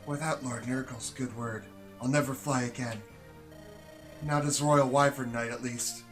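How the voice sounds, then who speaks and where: A man's voice: medium pitch, steady tone, a little slow, soft background music, close to an everyday voice. A man voicing a disgraced woman knight in a game, pleading for another chance. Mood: begging.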